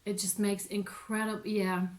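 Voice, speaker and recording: An excitable woman giving a casual tarot reading, talking straight to her viewers, swearing now and then and laughing often. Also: medium pitch, moderate pace. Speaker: tarot reader.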